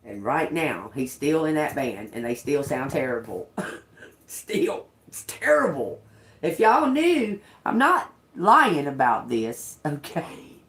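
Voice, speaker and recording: Low-voiced laughing woman telling stories. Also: very animated, unhurried, hardly any pauses. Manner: laughs often, swears freely, rambling. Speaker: livestream host. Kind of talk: casual storytelling. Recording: echoey room.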